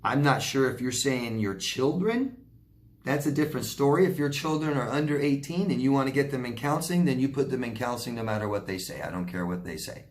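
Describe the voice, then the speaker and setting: A man answering viewer questions as a recovery coach, talking directly and reassuringly and often checking in with "okay?". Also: medium pitch. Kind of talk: casual Q&A advice talk.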